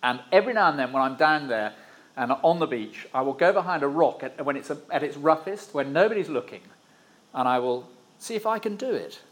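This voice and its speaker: A man delivering a sermon, his voice sitting slightly high for a man. He mixes wry asides with slow, dramatic pauses. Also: animated, fairly bright tone. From Cornwall, England. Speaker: preacher.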